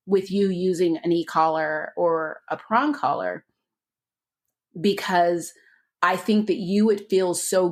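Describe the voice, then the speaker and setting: Woman, low voice, podcast co-host, casual chat, laughs often, restarts sentences.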